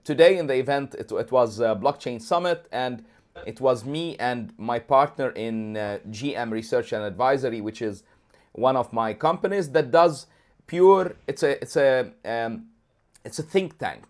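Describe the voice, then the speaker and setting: A man with a mid-pitched voice co-hosting a casual livestream. He talks in an animated, rambling way, restarting his sentences often. He speaks around a throat lozenge in his mouth. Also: a little slow. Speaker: co-host.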